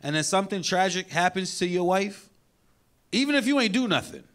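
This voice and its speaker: A man in his thirties from New York, with a New York accent, doing an animated stand-up set and acting out the people he quotes. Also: sits high, brisk. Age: 30s. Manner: animated, acts out quoted characters in loud bursts. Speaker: stand-up comedian. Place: comedy show with live audience. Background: audience laughter.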